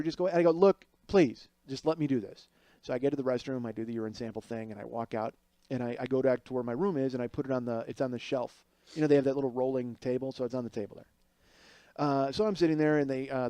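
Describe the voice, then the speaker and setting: Dark-voiced man telling a comic story. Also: medium pitch, no echo. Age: middle-aged. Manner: animated, acts out other people's voices. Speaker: podcast host.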